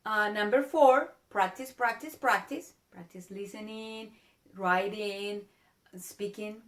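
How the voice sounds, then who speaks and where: A woman's voice: medium pitch, slow pace. A woman whose first language is Spanish, teaching with a Spanish accent in a casual video lesson, earnest and drawing out her vowel sounds. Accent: Spanish-speaking.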